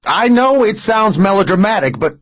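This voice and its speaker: A man's voice: sits high, animated, normal speed, no room sound, voice pushed up. A man voicing a tense middle-aged police chief who gives curt, commanding orders.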